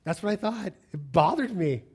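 Husky and pitched high, a middle-aged man's voice carries a sermon at moderate speed. As pastor, he narrates stories with animation and imitates the people he quotes.

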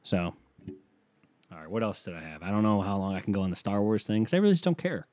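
Male comic, deep mellow voice, foul-mouthed sarcastic rambling delivery. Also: lively intonation, fast. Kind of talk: rambling comedic rant.

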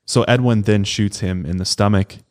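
A man's voice: on the low side, steady tone, normal speed. A man co-hosting a podcast, casually retelling a true crime case in a conversational way. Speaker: podcast co-host.

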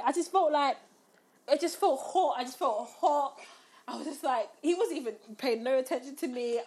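Lively young woman telling stories. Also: high-pitched, moderate pace. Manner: animated, laughing storyteller who acts out her own quotes. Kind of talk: casual storytelling chat.

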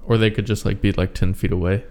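A man's voice: fairly low pitch, fairly even intonation, fast talker, a little mellow. A young man co-hosting a podcast, chatting in a laid-back way with dry remarks. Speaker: podcast co-host. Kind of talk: casual chat.

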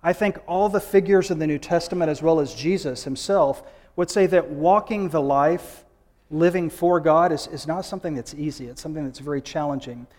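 A man's voice: a little high, brisk, a little mellow, big-room sound. A man preaching a sermon in a conversational, informal way, with frequent fillers and restarts. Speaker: guest preacher.

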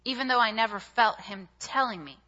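A young woman giving a sermon, telling a personal story in an animated, chatty way with many fillers. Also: on the high side, a little fast. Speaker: speaker at a church service. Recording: dull audio with long hall reverb.

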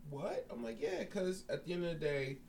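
A man's voice: on the high side, sing-song, moderate pace, creaky, a little mellow, distant mic, a little hiss or hum. A man telling a profane story in a casual chat among friends, acting out voices in his quotes.

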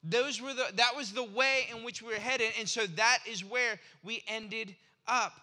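A man's voice: extremely high pitch, unhurried, bright, forceful tone. A man in his forties preaching a sermon in a conversational, storytelling way, acting out little exchanges in his anecdotes. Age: 40s. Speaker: pastor.

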